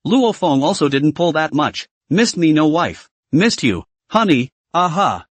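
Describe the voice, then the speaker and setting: A man's voice: fairly high pitch, animated, unhurried, no room sound. A man narrating a comic story recap in a scripted read, reading every character's lines in the same narrating voice.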